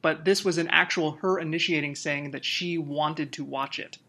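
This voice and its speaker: Bright-voiced joking male podcast host. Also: fairly high pitch, fairly even intonation, normal speed. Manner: laughing, joking, loose plugs. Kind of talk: casual podcast chat.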